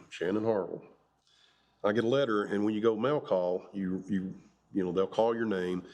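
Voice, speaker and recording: Low-voiced middle-aged veteran man from Kentucky. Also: a little hiss or hum. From Kentucky, USA. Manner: relaxed anecdotal storytelling with chuckles. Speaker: Marine veteran interviewee. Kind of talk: oral history interview.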